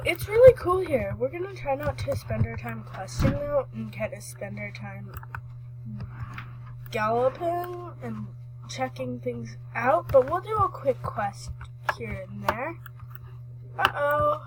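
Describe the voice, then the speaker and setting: A woman giving chatty, excitable commentary while playing a horse game, rambling and restarting her sentences. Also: high-pitched, background noise. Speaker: gaming vlogger.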